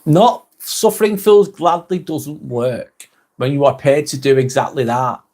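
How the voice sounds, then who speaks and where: A man's voice: on the high side, measured pace, darkish tone. Chatty man reading live comments. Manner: chatty, swears casually, dry and joking. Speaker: live-stream host. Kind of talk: casual live-stream chat reading viewer comments. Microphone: phone.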